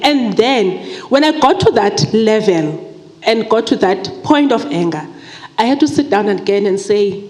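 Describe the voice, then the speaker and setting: A woman's voice: lively intonation, a little slow, a little mellow. Candid woman in an echoey hall. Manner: candid, acts out her own quoted words with rising pitch. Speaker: audience member. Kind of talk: sharing a personal story in a Q&A. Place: large event hall at a book fair. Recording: echoey hall with long reverb.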